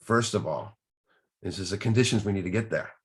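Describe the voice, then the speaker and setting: Leading a recovery group study, this man speaks in a low, animated voice that is brisk with a breathy edge. His earnest teaching from the text leans on rhetorical questions and repeated key words.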